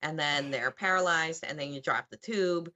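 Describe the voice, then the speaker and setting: A woman's voice: deep voice, moderate pace, pushed and bright. A woman, an operating room nurse, chatting on a podcast and explaining medical terms matter-of-factly. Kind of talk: casual chat.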